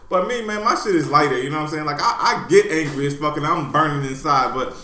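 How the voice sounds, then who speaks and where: A man with a bright, forceful voice talks fast in casual podcast chat. He is blunt and leans on a stock phrase. The room is roomy and echoey. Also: a little high. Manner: quick, blunt, repeats "you know what I'm saying".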